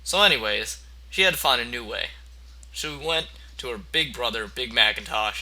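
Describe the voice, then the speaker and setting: A man's voice: mid-range voice, lively intonation, a little fast, bright, forceful tone, low-quality recording. A man reading a mock audiobook aloud, rambling, stammering and cursing as he goes. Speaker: parody storyteller.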